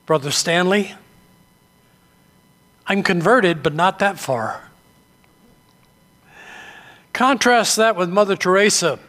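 Older preacher telling stories in a hall. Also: male voice, high-pitched, pushed and bright. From New England. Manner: storytelling, measured and earnest. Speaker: pastor. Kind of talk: sermon.

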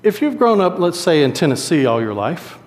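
A man preaching a sermon in a conversational, animated storytelling way. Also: a little high, moderate pace. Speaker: pastor. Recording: long hall reverb.

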